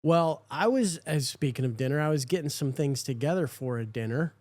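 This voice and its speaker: A man with a fairly high voice chats as a podcast host, spinning a long, rambling story with self-deprecating asides. The sound is dry and close, with almost no room tone behind him. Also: animated, brisk, darkish tone, dry recording. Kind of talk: casual chat.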